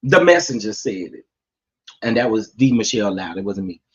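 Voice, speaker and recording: A man doing casual gossip commentary, sassy and animated, talking straight to his viewers. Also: on the low side, normal speed, dull audio. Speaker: commentary vlogger.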